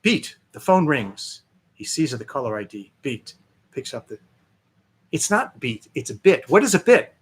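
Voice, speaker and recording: A man, a film director, chatting as a guest and telling lively anecdotes with many fillers. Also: medium pitch, a little slow, slightly rough. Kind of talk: interview storytelling.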